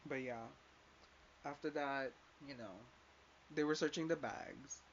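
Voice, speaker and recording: Speaking slowly at a medium pitch, this young man is a vlogger telling a story as a casual rant. His delivery is emphatic and profane, packed with "like." The audio is slightly dull and lo-fi, carrying a faint hiss.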